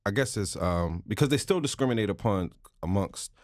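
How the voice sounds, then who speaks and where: A man's voice: on the low side, expressive, fairly quick, no echo, studio quality. A man in his twenties, a guest on a talk show, speaks reflectively and casually, often searching for words. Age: 20s. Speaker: activist guest. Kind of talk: casual conversation.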